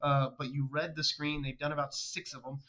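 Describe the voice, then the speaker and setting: A man's voice: a little high, flat delivery, a little fast, bright, forceful tone, highs cut off. A man commenting on a football video game and interviewing coaches in a chatty, teasing way. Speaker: host and commentator.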